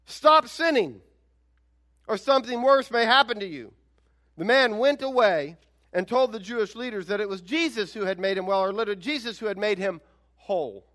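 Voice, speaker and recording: A male pastor preaching a sermon in an animated, conversational way, with emphatic rhetorical questions. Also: high-pitched, moderate pace.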